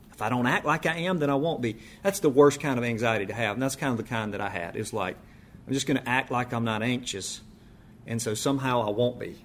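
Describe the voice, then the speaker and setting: A man teaching a church class in a sermon style, emphatic and conversational, often acting out the voices he quotes. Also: mid-range voice.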